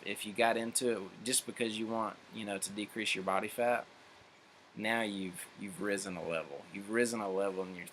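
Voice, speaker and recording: A man giving an earnest motivational talk as a fitness coach, at an ordinary mid pitch. He hammers key phrases home by repeating them and stumbles through fillers and restarts. There is a faint hiss in the background. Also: fairly bright tone. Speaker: fitness coach and gym owner.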